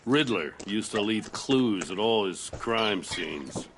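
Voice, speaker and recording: An actor playing a weary, gruff middle-aged police commissioner in a video game, dry and matter-of-fact. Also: male voice, lowish voice, expressive, slow pace, very noisy. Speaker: game character.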